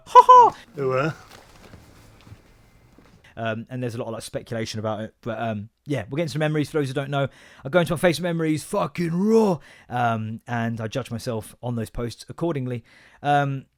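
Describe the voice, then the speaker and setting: A man hosting a casual podcast, telling stories in an exasperated, sweary way. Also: medium pitch. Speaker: podcast host. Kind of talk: casual solo podcast rant.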